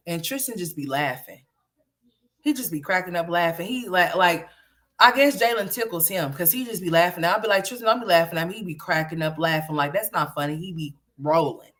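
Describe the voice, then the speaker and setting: Bright, lower-pitched chatty woman. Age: adult parent. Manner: chatty, talks to viewers and her son by turns. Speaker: livestream host. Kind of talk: casual livestream chat.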